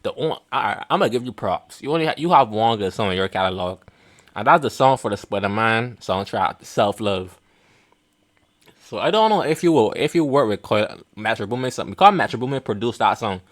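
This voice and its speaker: A man's voice: on the low side, lively intonation, a little fast. Mocking young man reacting. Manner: mocking, blunt, laughs often. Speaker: reaction video host. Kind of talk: casual reaction commentary.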